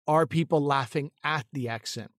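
A man's voice: a little high, moderate pace, no room sound, clean studio sound. A man who co-hosts a podcast and works as a comedic actor, talking casually and thoughtfully, often restarting his sentences as he tells a story.

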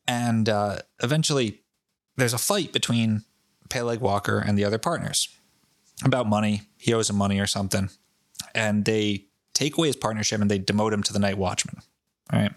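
A man's voice: on the low side, a little fast, no echo, clean studio sound. A man with a Rhode Island accent, co-hosting a podcast and telling a local ghost legend off the cuff, swearing often. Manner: profane, off-the-cuff and animated. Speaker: podcast co-host. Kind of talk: casual chat, storytelling.

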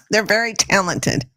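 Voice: mid-range voice, bright, forceful tone, slightly rough, no echo. A co-host on a casual TV review podcast, chiming in with short, wry remarks. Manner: short wry interjections, laughs along.

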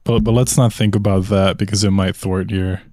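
A man's voice: deep voice, little pitch movement, a little fast, a little mellow, no echo, clean studio sound. A man hosting a podcast in casual chat, laid-back as he leads a round of questions. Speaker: podcast host.

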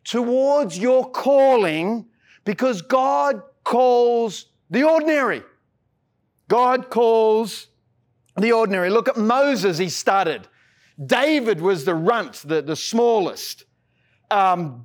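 A high-pitched Australian man preaching a sermon from the pulpit. He talks earnestly and often trips over his words, repeating the start of a phrase before pushing on. He slows right down to stress key lines, then hurries through the next thought. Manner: earnest, frequent stammered restarts. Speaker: pastor.

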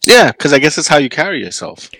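A man's voice: a little high, big pitch swings, pushed and bright, dry recording. A man co-hosting a podcast, chiming in with dry jokes and short quotes in casual chat. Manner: dry interjections and quick jokey quotes. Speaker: podcast co-host.

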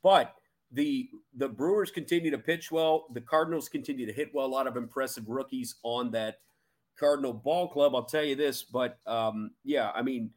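A man's voice: mid-range voice, normal speed. A man co-hosting a baseball podcast, giving emphatic, opinionated takes in casual chat. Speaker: podcast co-host.

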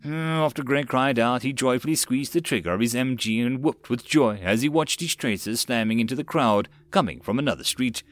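Man narrating an audiobook, steady plain reading, mid pitch, dry close sound. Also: normal speed, few pauses, no echo.

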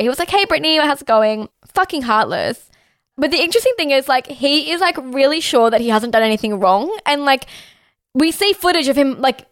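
A woman's voice: a little high, dry recording, clean studio sound. A woman co-hosting a podcast, talking heatedly with lots of swearing and fillers. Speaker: podcast co-host. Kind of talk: casual chat.

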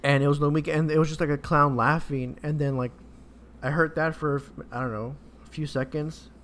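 A man co-hosting a podcast, telling a halting, rambling anecdote in casual chat. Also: on the high side, fairly even intonation, fairly bright tone, a little hiss or hum. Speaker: podcast co-host.

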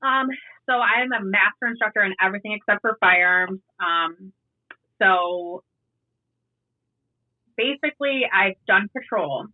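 A woman in her thirties, a police officer, chatting casually and telling stories with easy, offhand swearing. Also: medium pitch. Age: 30s. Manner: laid-back, storytelling, swears casually. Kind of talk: casual podcast chat. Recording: tinny phone line.

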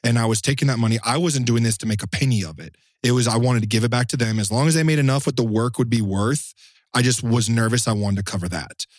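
A man's voice: mid-range voice, fast talker, no echo, clean studio sound. A man, a knife maker, telling a long story in casual podcast chat, acting out the quotes and swearing now and then.

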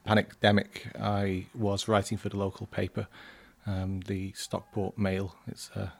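A man's voice: lowish voice, completely flat delivery, a little slow, vocal fry. A man in his thirties with a northern English accent, a guest journalist on a podcast, speaking hesitantly with many ums and restarts. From northern England. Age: 30s. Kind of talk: casual podcast chat.

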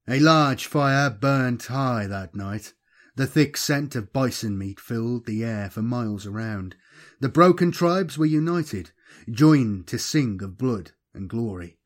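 A man narrating a dramatic action story in a measured, steady reading voice. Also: medium pitch.

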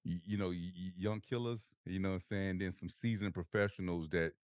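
Deep-voiced animated male podcast host. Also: fairly quick, no room sound, clean studio sound. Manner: animated storytelling, laughs often, acts out quotes. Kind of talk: casual conversation.

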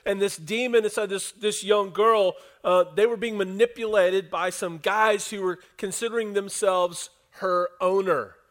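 A man's voice: high voice, measured pace, hardly any pauses. A man preaching a sermon, retelling a scripture passage and acting out the quotes while speaking to the congregation. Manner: animated preacher, acts out quotes, talks to congregation. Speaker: pastor.

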